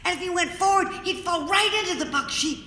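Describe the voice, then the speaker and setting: A woman storyteller performing live, acting out shouts and sound effects and drawing the audience in. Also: very high voice, a little fast. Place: large theater stage. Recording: echoey theater hall.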